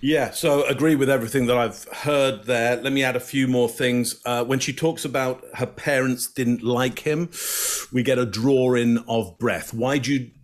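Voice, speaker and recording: A man giving measured body language analysis on a panel, often pausing with "uh". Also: medium pitch, fairly even intonation. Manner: measured, many filler "uh"s.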